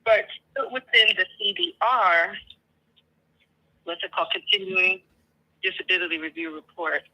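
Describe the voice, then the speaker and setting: A woman's voice: on the low side, sharp tone. Hesitant woman caller on a phone line. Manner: hesitant, halting, searching for words. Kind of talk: phone call.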